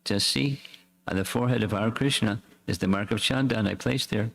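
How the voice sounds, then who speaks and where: A man reading as a calm, gentle young woman. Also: lowish voice, brisk, vocal fry. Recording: echoey hall reverb.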